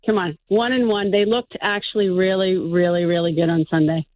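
A woman's voice: fairly low pitch, fairly even intonation, brisk, crowd noise. A woman calling in to a sports radio show, chatty and teasing. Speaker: caller. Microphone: telephone. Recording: tinny phone line.

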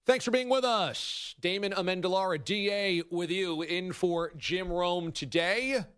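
A male sports radio host delivers a wry, animated monologue in a fairly high voice. The sound is dry and close, recorded in a studio. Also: unhurried, smooth, dry recording.

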